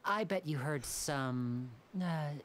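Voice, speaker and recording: A woman voicing a charming young male stage magician in a video game, smooth, teasing and gently persuasive. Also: low voice, expressive, slow, a little hiss or hum.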